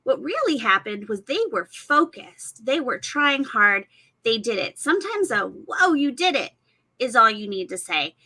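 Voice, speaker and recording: A woman's voice: a little high, big pitch swings, moderate pace, sharp tone, low-quality recording. A woman and mother speaking earnestly on a parenting panel, acting out what parents say to their kids. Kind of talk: casual panel discussion.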